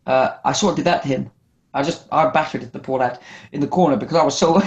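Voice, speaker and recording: A man's voice: fairly high pitch, fairly quick, a little mellow. A man in casual podcast chat, telling stories animatedly, swearing freely. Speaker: wrestler guest.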